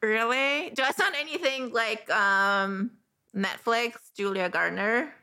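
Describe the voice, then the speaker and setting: Giggly, hesitant female host with a German accent, bright tone, unhurried pace. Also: a little high. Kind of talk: casual interview chat.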